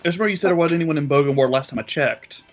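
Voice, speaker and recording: A man's voice: fairly high pitch, rapid-fire, highs cut off, soft background music. Eager man joking as a tabletop player. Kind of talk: casual tabletop game chat.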